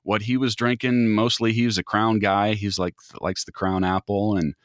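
Rambling low-voiced Midwestern man. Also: little pitch movement, normal speed, no room sound, clean studio sound. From Midwest United States. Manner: rambling, with frequent restarts and repeated words. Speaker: podcast guest. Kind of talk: casual chat.

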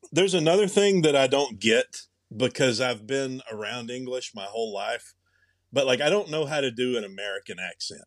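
With an animated, medium-pitched voice at normal speed, a young man co-hosting a podcast chats casually and thinks aloud, rambling and restarting often. The recording is clean studio sound with no room sound.

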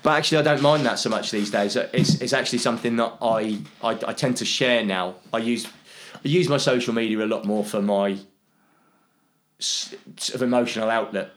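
A man's voice: mid-range voice, brisk, slight background noise. A man in his thirties, a guest talking frankly in a casual conversation, with many fillers and restarts. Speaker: podcast guest, bereaved father and teacher.

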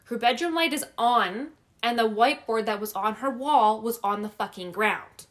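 A young woman in casual chat, telling a story in an animated way, swearing constantly and laughing often. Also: fairly high pitch, normal speed.

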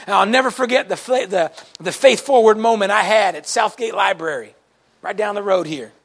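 A man preaching a sermon to a congregation, telling folksy stories in an animated way and breaking into shouts now and then. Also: sits high, moderate pace, vocal fry. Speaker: pastor. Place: church service before a congregation.

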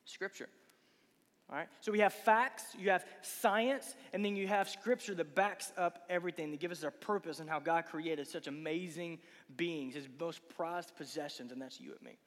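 A man preaching a casual youth sermon, asking the crowd rhetorical questions and acting out quick voices. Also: sits high. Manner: acts out voices of Bible figures and listeners. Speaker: youth pastor. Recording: long hall reverb.

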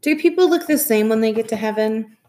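A woman voicing a gentle, anxious young boy who asks small, pleading questions in a soft, hushed voice. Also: fairly high pitch, expressive, brisk, slight background noise, voice pushed up, natural voice.

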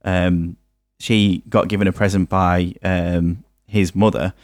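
A man's voice: low-pitched, level tone, slow, darkish tone, dry recording, studio quality. A man co-hosting a podcast, telling stories hesitantly with lots of ums. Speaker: podcast co-host. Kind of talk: casual chat.

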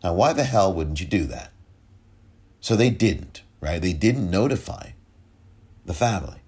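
A man hosting a solo commentary podcast, emotional and halting, often repeating himself. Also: low-pitched, animated, a little mellow, slightly rough. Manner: emotional, halting, repeats himself, audibly moved to near tears. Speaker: podcast host.

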